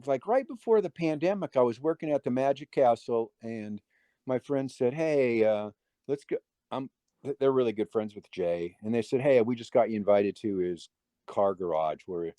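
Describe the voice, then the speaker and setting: A man's voice: medium pitch, lively intonation, normal speed, warm tone, no echo. A middle-aged man, a guest magician, telling long stories in a casual interview, rambling with many restarts and quoting other people's words.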